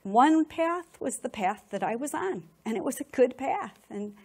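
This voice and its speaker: A middle-aged woman sharing a personal testimony with an audience, telling it in an animated, emotional way and often repeating words when stirred. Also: high-pitched, measured pace, slightly rough.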